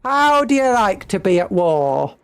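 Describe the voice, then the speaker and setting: A woman's voice: mid-range voice, sing-song, measured pace, clean tone. A woman from Britain streaming a strategy game, chatting playfully and humming to herself.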